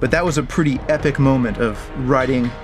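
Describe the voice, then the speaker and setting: A man tells a story from his work in an interview, lively and joking. His voice sits at an ordinary middle pitch, and faint music plays quietly under him. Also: brisk. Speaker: game developer. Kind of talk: anecdote in an interview.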